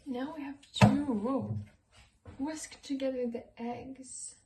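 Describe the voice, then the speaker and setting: A woman's voice: high-pitched, takes it slowly, echoey room, far from the mic, very noisy. A woman chatting casually while baking for her channel, playful and goofy. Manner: playful, goofy, makes silly noises. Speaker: YouTuber baking on camera. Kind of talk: casual baking vlog chat. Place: home kitchen.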